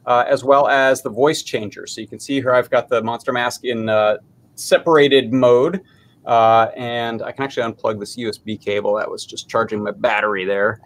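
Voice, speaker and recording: A man's voice: mid-range voice, fairly even intonation, normal speed. A man casually demoing a maker project on a video call, explaining step by step with plenty of fillers.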